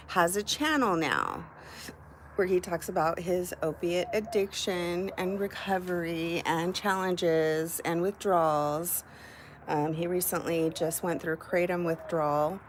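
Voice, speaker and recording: A middle-aged woman chats candidly with her viewers on a home livestream, her voice sitting low for a woman. She talks loosely and swears without a second thought. Faint room ambience hums behind her. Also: slight background noise. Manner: chatty, candid, swears casually. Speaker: live-stream host. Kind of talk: casual chat with live viewers. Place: at home, indoors.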